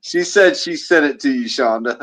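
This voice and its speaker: A man's voice: medium pitch, normal speed, fairly bright tone. A man co-hosting a casual livestream chat, easygoing and a little hesitant. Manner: easygoing, hesitant, many uhs. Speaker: co-host.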